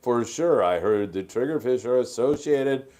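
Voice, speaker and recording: A man's voice: medium pitch, lively intonation, normal speed, warm tone. A man hosting a live fishing show, playfully reading out listener comments and joking with his co-host. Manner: playful, laughing, reads comments aloud.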